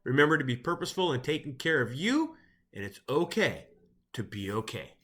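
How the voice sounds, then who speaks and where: A man's voice: medium pitch, sing-song, brisk, fairly bright tone. A middle-aged man, a chaplain, giving a conversational, wry motivational talk to first responders. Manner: conversational, wry, chuckles at his own jokes.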